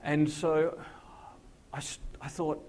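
A man, a pastor telling a personal testimony in a sermon, acting out the dialogue with lively jumps in his voice. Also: slow, a little hiss or hum. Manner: animated storyteller who acts out dialogue with big pitch jumps.

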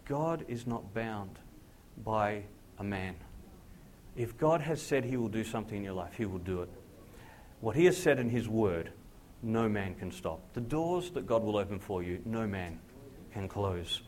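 A man, a pastor telling a personal testimony in a sermon, acting out the dialogue with lively jumps in his voice. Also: moderate pace, a little hiss or hum. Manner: animated storyteller who acts out dialogue with big pitch jumps.

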